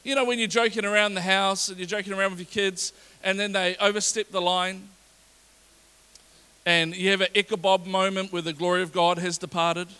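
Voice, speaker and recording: A middle-aged male pastor preaching a sermon with lively energy, reading scripture aloud with rising emphasis. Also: high voice, fairly quick, clear, resonant tone. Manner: energetic, animated preaching to a congregation.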